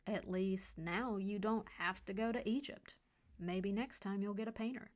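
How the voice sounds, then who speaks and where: A woman's voice: mid-range voice, steady tone, measured pace, close to an everyday voice. A woman voicing an exasperated woman scholar who speaks in a dry, weary way.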